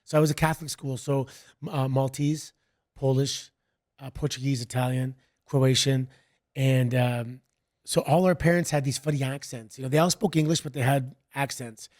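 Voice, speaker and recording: A middle-aged man from Canada, a guest chatting casually and telling rambling stories in a relaxed way. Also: mid-range voice, moderate pace. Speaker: guest, wrestler. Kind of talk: casual interview chat.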